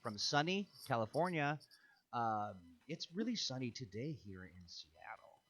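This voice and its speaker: A man's voice: mid-range voice, big pitch swings, a little slow, a bit bright. A man hosting a casual livestream chat over a video call, reading viewer comments with playful jokes and frequent laughs. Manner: joking, laughs often, playful asides. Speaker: host and show producer.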